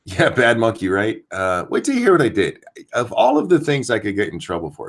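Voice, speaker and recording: A man's voice: lowish voice, wildly swooping pitch, a little fast. A man hosting a casual live stream, ranting with profanity and greeting chat viewers by name while keeping his voice down. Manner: keeps voice down so as not to wake someone. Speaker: host.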